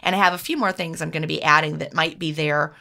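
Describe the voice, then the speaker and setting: A woman's voice: low voice, steady tone, fast talker, vocal fry. A woman co-hosting a podcast, chatting casually with many restarts and fillers. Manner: warm, chatty, lots of restarts. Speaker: podcast co-host.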